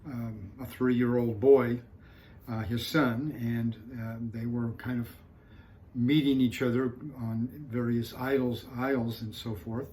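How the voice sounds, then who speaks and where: A male pastor preaching a sermon, telling a story calmly with frequent pauses and fillers before turning to scripture. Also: medium pitch, low-quality recording. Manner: calm storytelling with frequent fillers, rising for punchlines.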